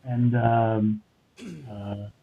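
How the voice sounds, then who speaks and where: A man's voice: lowish voice, level tone, drawn-out words. An older man from New York City with a New York accent, a recording engineer telling long rambling stories full of fillers and restarts. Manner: meandering, many fillers and restarts. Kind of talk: rambling anecdotal storytelling. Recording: tinny phone line.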